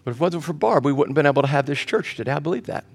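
A middle-aged man, a pastor, preaching with humor, swinging between loud outbursts and quiet moments. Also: on the high side, animated, racing, gravelly, husky, soft background music. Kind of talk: sermon.

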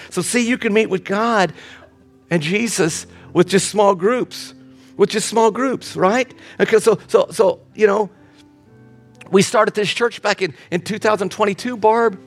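A middle-aged man, a pastor, preaching with humor, swinging between loud outbursts and quiet moments. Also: sits high, unhurried, soft background music. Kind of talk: sermon.

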